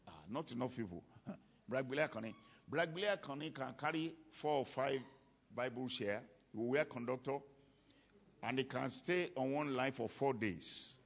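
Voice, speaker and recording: Man, preacher, sermon, emphatic, repeats lines, raspy, breathy. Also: medium pitch, normal speed. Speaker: preacher teaching on ministry.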